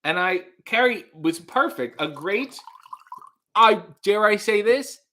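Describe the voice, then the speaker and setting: Bright, wordy man reading chat. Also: sits high, expressive, slow pace. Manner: playful, wordy, dry asides. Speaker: livestream host. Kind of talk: casual livestream chat reading viewer comments.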